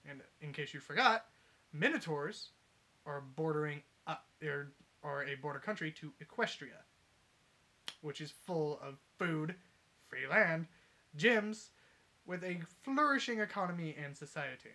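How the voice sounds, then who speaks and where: A young man casually retelling a fan story, rambling and swearing, sometimes shouting out the characters' lines. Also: on the high side, animated, unhurried. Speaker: podcast co-host retelling a fanfic. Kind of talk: casual chat, uncensored storytelling.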